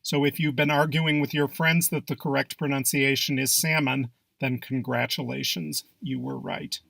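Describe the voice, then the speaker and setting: A man delivers a scripted English pronunciation lesson in an even, measured way. His voice is bright and edged with a gravelly fry. The recording is dry and close, with no room sound. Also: medium pitch, no room sound. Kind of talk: scripted narration.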